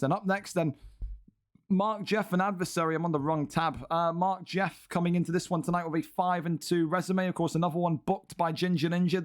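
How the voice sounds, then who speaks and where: A young man commentating video game fights, blunt and exasperated, ranting and swearing at a fighter's choices. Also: fairly high pitch. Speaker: commentator and league host. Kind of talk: excitable esports fight commentary.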